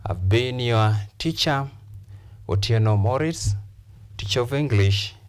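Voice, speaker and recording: A man's voice: medium pitch, lively intonation, a little slow, smooth. A man teaching English on a TV lesson, repeating key phrases and counting syllables aloud. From Kenya. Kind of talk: TV lesson, slow repetitive explanation. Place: TV classroom studio.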